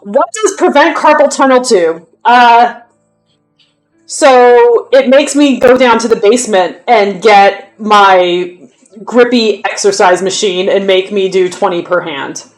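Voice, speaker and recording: A woman's voice: medium pitch, takes it slowly, faint music behind. A young woman chatting casually on a live stream, answering viewers' questions in a loose, talkative way. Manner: chatty, answers chat, counts reps under her breath.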